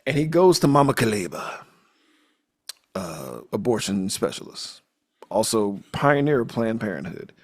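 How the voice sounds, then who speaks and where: Male podcast host, lively swinging delivery, loose and profane recap style. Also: fairly low pitch, measured pace. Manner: animated, profane, recaps with acted-out quotes. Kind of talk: casual movie recap chat.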